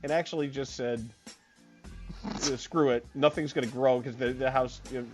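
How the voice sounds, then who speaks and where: A comic storyteller ranting in an exasperated, animated way and acting out each voice in the story. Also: mid-range voice, normal speed, faint music behind.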